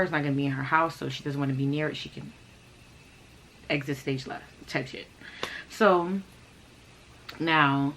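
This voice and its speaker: A woman's voice: sits low, fairly bright tone, slight background noise, low-quality recording. A woman telling a storytime vlog story in a blunt, profane, exasperated rant. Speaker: fashion channel host.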